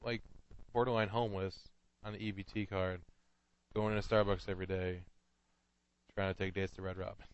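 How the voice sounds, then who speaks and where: A low-voiced man runs a comedy podcast, cueing his co-hosts and keeping the segments moving. His mic sounds dull and lo-fi, and the sound is dry, with no room echo. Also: flat delivery, moderate pace, long pauses, clean tone. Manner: directing, prompting others to read. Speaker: podcast host. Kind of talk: casual comedic chat.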